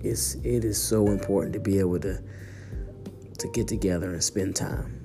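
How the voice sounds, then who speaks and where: A man's voice: low-pitched, fairly even intonation, moderate pace, over music. A man hosting his own podcast in a casual, rambling monologue, with a slight cold. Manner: laid-back, rambling, says "man" a lot. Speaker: podcast host.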